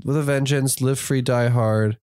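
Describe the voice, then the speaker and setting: A man's voice: mid-range voice, fairly even intonation, normal speed, darkish tone, clean tone, no room sound, studio quality. A man co-hosting a podcast, chatting casually and retelling movie plots in a rambling way. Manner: rambling storytelling with laughs. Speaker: podcast co-host. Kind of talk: casual chat.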